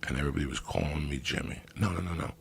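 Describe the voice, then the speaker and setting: Gravelly deep-voiced man telling wild stories. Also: very fast, slight background noise. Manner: loud animated storytelling with heavy swearing. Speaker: podcast guest storyteller. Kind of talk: profane comedic storytelling.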